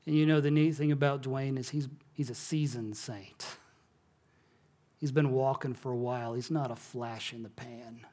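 A middle-aged male pastor preaching a sermon, telling stories in a conversational way and dropping soft and low on key words. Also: steady tone, moderate pace.

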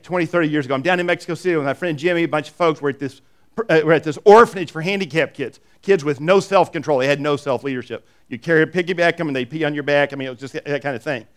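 A middle-aged man preaching a sermon, telling stories with emphatic repeats and quick asides. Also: a little high. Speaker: pastor.

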